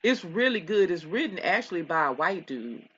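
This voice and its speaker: A woman's voice: fairly low pitch, big pitch swings, normal speed, slightly rough, dull audio. A woman co-hosting a casual gossip chat, rambling and laughing often with many restarts. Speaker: podcast co-host.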